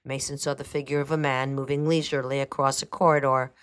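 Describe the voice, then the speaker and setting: A woman reading a detective novel aloud, steady and measured, then introducing the next reading. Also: rumbling low, smooth. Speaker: reader.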